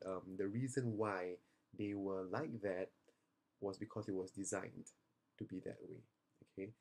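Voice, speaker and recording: A man's voice: on the low side, a little mellow. A young man, a seminar trainer, talks earnestly and reassuringly to parents in a video message, with many fillers and restarts, tired after the seminar.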